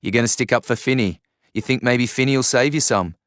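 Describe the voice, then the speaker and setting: Drunk, taunting young thug, loud and jeering, as a man reads him. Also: lowish voice, level tone, moderate pace, clear, resonant tone, no echo, clean studio sound, natural voice. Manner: shouting and jeering.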